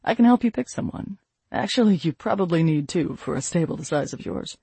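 A man's voice: fairly high pitch, animated, brisk, creaky, mellow, husky, no echo, heavily acted. A man voicing a smug, foolish elf half-brother. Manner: pompous, smug.

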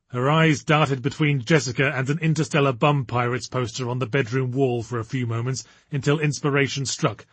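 Guy narrating a story, kinda husky, dry close mic, wry and measured. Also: mid-range voice, steady tone, fairly bright tone, no echo. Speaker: audiobook narrator. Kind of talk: scripted narration.

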